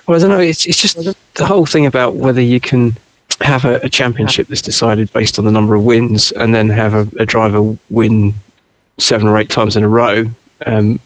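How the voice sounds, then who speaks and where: A man's voice: medium pitch, no echo, low-quality recording. A man giving his view as a podcast panel guest, earnest and a bit rambling. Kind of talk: casual panel chat.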